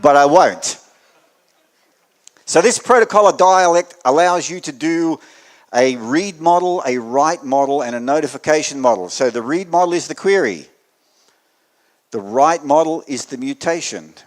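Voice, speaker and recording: A man's voice: fairly high pitch, lively intonation, moderate pace. Australian man giving a dry tech talk. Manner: dry joking asides, wide swings in loudness. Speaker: conference speaker. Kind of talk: technical meetup talk. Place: meetup venue before an audience.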